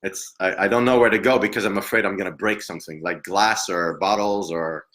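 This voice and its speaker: A man working as a psychic medium, giving a live reading in a hesitant, halting way with frequent laughs. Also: low-pitched, fairly even intonation, fairly bright tone.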